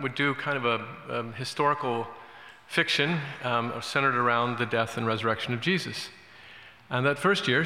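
A man preaching a sermon as a pastor, telling a story in a relaxed, conversational way with many fillers. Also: medium pitch. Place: church. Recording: echoey church hall.

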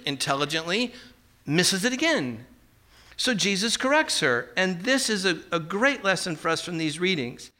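A man's voice: high-pitched, bright, forceful tone. A man preaching a sermon in a conversational way, with casual asides and tag questions. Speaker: pastor.

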